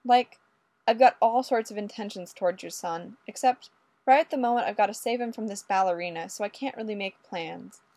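A woman's voice: mid-range voice, fairly quick, darkish tone, dry recording, lightly acted. A woman reading the lines of a brash, snappy male police detective. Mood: eager. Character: brash street-smart male cop, blunt.

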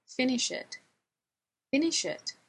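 Woman doing protective man, clipped firm orders, gentle teasing, breathy tone, storybook reading. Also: mid-range voice, expressive, moderate pace. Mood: firm, caring. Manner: short, firm directives.

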